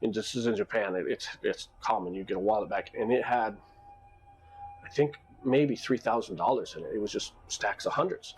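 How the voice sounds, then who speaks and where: A man's voice: on the low side, moderate pace, slight background noise. A man who runs a nightclub, telling stories from work in a rambling, casual way, with restarts and long asides. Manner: animated when reenacting arguments. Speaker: nightclub owner. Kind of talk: casual storytelling vlog.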